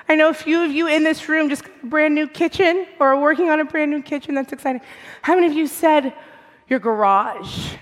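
High-voiced woman pastor, voice strained. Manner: upbeat, playful with the congregation. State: strained, losing her voice. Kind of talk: sermon. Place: church sanctuary. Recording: long reverb of a large hall.

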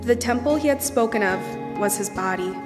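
A woman reading a scripture passage aloud in a steady, measured way. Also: a little high. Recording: long hall reverb, music behind.

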